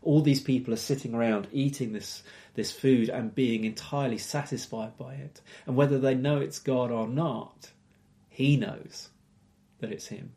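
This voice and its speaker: Male preacher, mid-pitched, thoughtful sermon delivery, rhetorical questions. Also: fairly even intonation, moderate pace, mellow. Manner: reflective, imaginative retelling with rhetorical questions.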